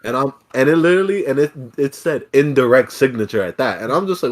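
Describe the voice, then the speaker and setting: A young man hosting a podcast, telling a story in casual chat with animated, profane ranting. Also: medium pitch, fast talker. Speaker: podcast host.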